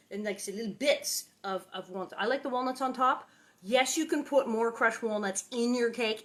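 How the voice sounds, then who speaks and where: In her kitchen, a woman from Los Angeles hosts a casual home cooking demo, chatty and playful and exclaiming often. Her voice is mid-range and a bit bright.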